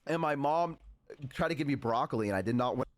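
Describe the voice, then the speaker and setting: A man's voice: medium pitch, fast. A man casually telling a childhood story on a stream, rambling with lots of fillers. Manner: rambling, animated with many fillers.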